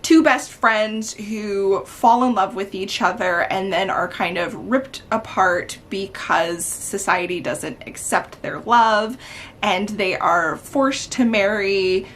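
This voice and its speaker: A woman chatting casually in a reading vlog, laughing often and swinging between calm book recaps and giddy, excited outbursts. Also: mid-range voice, takes it slowly, a little hiss or hum. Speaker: book vlogger.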